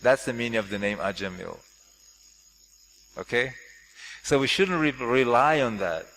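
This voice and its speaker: A man giving a scripture class, explaining with lively, jokey questions to his audience. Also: medium pitch, a little slow. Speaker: class speaker. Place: temple hall. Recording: echoey hall with faint noise.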